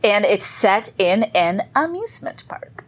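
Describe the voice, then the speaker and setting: A woman in her thirties co-hosting a podcast, chatting casually in an excitable way and laughing often. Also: medium pitch, unhurried, husky. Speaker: podcast co-host. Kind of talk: casual chat.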